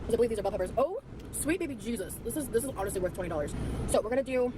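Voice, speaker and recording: A woman's voice: mid-range voice, racing. A tired young woman vlogging in casual, rambling chat with lots of fillers, played back from her video. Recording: vlog audio with clear background noise.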